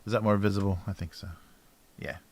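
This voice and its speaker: A cartoonist talking casually to a livestream as he draws, often mumbling to himself and trailing off with soft laughs. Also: on the low side, fairly even intonation, a little fast. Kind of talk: casual chat while drawing.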